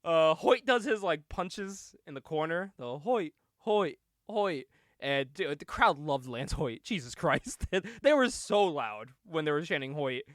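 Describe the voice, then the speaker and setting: A man's voice: on the high side, sing-song, a little slow, few pauses, fairly bright tone, no room sound. Laughy podcast guy recapping wrestling, bouncy up-and-down voice, dry close mic. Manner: giggly, swears a lot, acts out quotes. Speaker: podcast co-host. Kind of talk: casual chat recapping wrestling.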